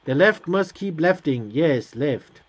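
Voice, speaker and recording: A man's voice: on the high side, animated, takes it slowly, husky. A man hosting a let's play, reading on-screen game text aloud and answering it with hesitant, sarcastic asides. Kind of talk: casual gameplay commentary.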